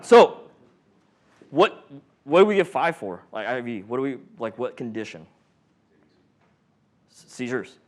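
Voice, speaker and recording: This man has a medium-pitched voice with a measured pace and frequent pauses. Teaching paramedics in a relaxed, joking manner, he quizzes the class and animatedly plays both patients and monitors.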